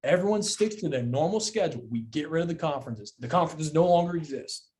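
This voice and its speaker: A young man co-hosting a sports podcast in casual chat, animated and incredulous, repeating himself and swearing freely. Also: a little high, quick pace. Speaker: podcast co-host.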